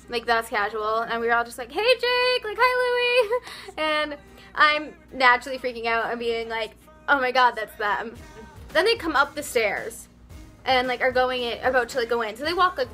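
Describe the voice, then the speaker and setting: A young woman vlogger telling an excited, rambling story, full of "like" and restarts, her voice a little worn after a concert. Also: on the high side. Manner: rambly, flustered, lots of "like".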